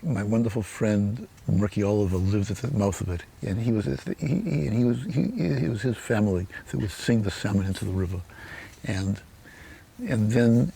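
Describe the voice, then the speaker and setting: A low, gravelly voice from an older man who tells his stories slowly and reflectively. His speech is weak and unsteady from Parkinson's, stuttering and repeating words, and the tone is dark and mellow. Faint hiss sits under the recording. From United States. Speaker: author and publisher. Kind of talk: personal storytelling to camera.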